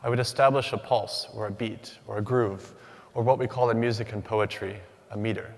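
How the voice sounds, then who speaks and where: Lower-voiced male speaker, deliberate and measured, reverberant auditorium. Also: steady tone, vocal fry. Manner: rhythmic, measured delivery with deliberate pauses. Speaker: doctoral student speaker. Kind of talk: rehearsed academic talk. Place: large hall. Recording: long hall reverb.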